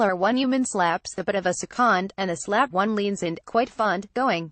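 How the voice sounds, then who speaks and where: A woman's voice: mid-range voice, normal speed, dry recording. A woman narrating an audiobook in an earnest, naive first-person storytelling manner.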